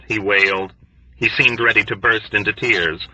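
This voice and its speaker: A man narrating an audiobook in an expressive, lively storytelling manner. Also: lowish voice, a little slow, slightly rough, no echo, recorded from a distance. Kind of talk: scripted narration. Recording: dry, dull lo-fi recording.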